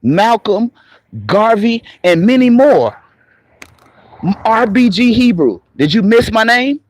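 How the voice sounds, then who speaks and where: A man's voice: sits high, very animated, slow. A man hosting a livestream, ranting combatively and mocking commenters with profanity. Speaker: livestream host. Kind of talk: heated livestream rant to chat.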